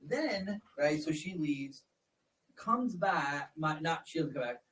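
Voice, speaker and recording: A man's voice: fairly high pitch, expressive, slow pace, a bit bright, recorded from a distance, rough recording. A man in his forties hosting a casual interview chat, telling stories with repeated words and laughing as he talks. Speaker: podcast host.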